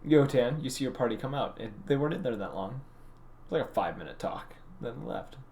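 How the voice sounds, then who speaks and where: A man's voice: mid-range voice, expressive, fairly quick, a little mellow, a little hiss or hum. A man narrating as game master of a tabletop game, jokey and laughing often.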